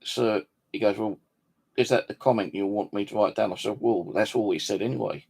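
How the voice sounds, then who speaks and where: A man's voice: lowish voice, brisk, gravelly, a little mellow, breathy edge. A man telling an angry story in a casual monologue, swearing freely and acting out the conversations. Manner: swears freely, indignant, retells dialogue. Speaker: vlogger.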